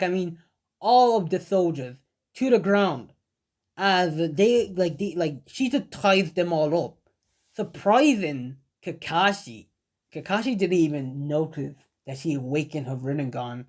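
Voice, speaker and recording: A man's voice: a little high, a little mellow. A man narrating a fan-made story casually, rambling with lots of fillers and talking to his viewers.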